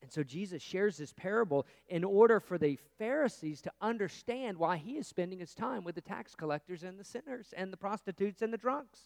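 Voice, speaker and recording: A man preaching a sermon as pastor, earnest, rising to emphatic peaks and dropping to hushed asides. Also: high-pitched, dry recording.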